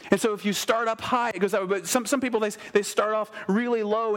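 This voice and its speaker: A middle-aged man preaching a conversational sermon in an animated way, speaking straight to the people in front of him. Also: high voice. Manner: animated, talks straight to the listeners.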